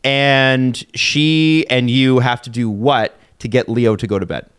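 A man's voice: mid-range voice, fairly even intonation, unhurried, fairly bright tone, clear, resonant tone. A man in his thirties co-hosting a podcast, chatting casually and teasing with playful questions. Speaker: podcast co-host. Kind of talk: casual chat.

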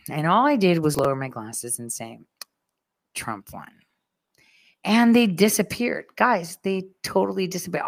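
A woman's voice: lowish voice, a bit bright. A woman telling a story in a casual, sarcastic rant, swearing freely and acting out what others said.

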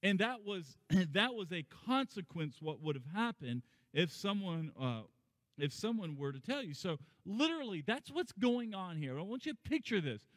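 A man delivers a sermon in a loose, conversational way. His voice sits a little high and climbs higher and louder on the points he stresses. He is close to a dry mic, with a faint, long hall reverb behind him. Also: very animated, moderate pace. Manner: conversational preaching that climbs in pitch and volume for emphasis. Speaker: pastor.

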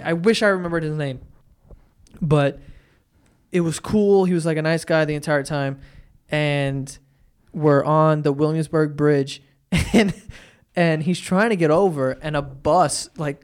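A young man with a high voice hosts a casual podcast chat. He tells loose, profane stories and acts out the people in them with lively energy. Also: measured pace. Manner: loose storytelling, profane, animated retellings. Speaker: podcast host.

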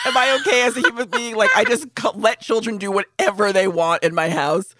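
A woman's voice: medium pitch, brisk, few pauses. A woman co-hosting a podcast in casual chat, telling stories with lots of acted-out quotes and swearing freely. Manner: animated storyteller, swears freely, acts out quotes. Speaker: podcast co-host.

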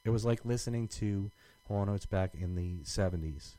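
A man's voice: on the low side, moderate pace, warm tone, poor audio. A man co-hosting a podcast in casual chat, rambling with many restarts and fillers. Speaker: podcast co-host.

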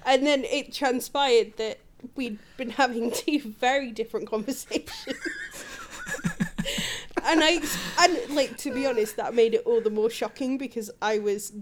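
Giggly storytelling woman, slightly high. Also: unhurried, a little hiss or hum. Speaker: podcast co-host. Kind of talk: casual chat.

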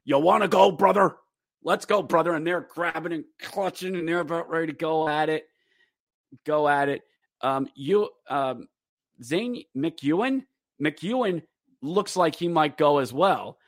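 Male podcast host, lively rambling game recap, slightly high voice, dry close mic. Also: a little slow, dry recording. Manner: rambling and animated, breaks into acted quotes. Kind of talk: casual hockey game recap.

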